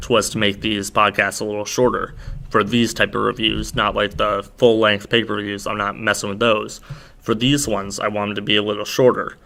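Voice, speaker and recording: Young male podcast host, tired, filler-heavy, monotone delivery. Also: on the low side. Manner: rambling with frequent uh fillers. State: tired, slurring words. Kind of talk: casual solo recap.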